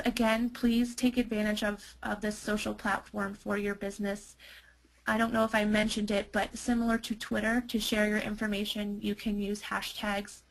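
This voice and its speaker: A woman's voice: medium pitch, a bit bright, rough recording. A woman presenting a webinar product demo as a marketer, chatty, with many fillers and restarts.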